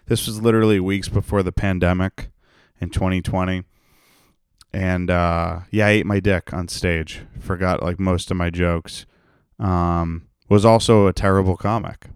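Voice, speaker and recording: Young guy, low smooth voice, dry close sound; sarcastic, profane podcast host. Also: no room sound. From Rhode Island, United States. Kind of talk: casual solo podcast rant.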